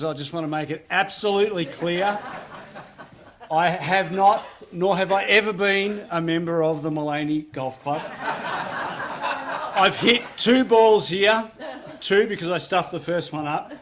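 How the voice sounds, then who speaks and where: An Australian man speaks to a crowd at an opening, in a slightly high voice. He talks loosely and jokes, with plenty of ums and uhs between phrases. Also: a bit bright, slight background noise. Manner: jokey, conversational, many fillers. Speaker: politician giving a speech. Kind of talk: public speech at an outdoor opening.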